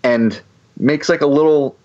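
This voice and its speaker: A man's voice: on the high side, unhurried, a little mellow, dull audio. A man telling a long story on a podcast, rambling with many restarts and fillers. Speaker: podcast guest. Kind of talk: casual storytelling.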